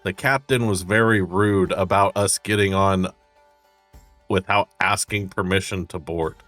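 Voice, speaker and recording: A man plays a tabletop game, chatting casually and earnestly in character. His voice sits low, recorded dry and close. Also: steady tone, measured pace, a bit bright, no room sound, soft background music. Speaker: player. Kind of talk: casual tabletop role-play.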